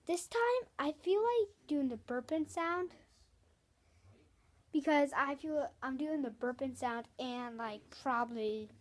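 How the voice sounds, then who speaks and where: Chatty, rambling higher-voiced woman. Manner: rambling, chatty, apologetic asides. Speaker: video host. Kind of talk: casual vlog chat.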